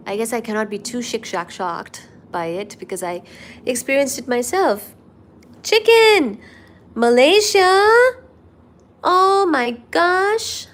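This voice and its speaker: Slow-talking chatty woman from India. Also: on the low side, a little hiss or hum. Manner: chatty, exclaims loudly at viewer comments. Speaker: livestream host. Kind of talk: casual live-stream chat reading comments.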